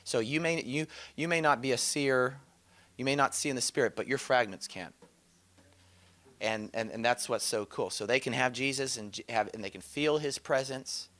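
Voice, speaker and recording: Guy teaching a class, bright punchy voice, tells stories excitedly, laughs a lot. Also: medium pitch, normal speed. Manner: enthusiastic storytelling, laughs often. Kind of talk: teaching session, anecdotal.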